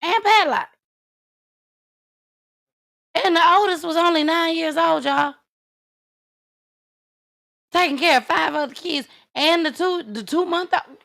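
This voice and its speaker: A woman's voice: extremely high pitch, takes it slowly, gravelly, long pauses, fairly bright tone. A woman host giving blunt, outspoken commentary in on a live talk show.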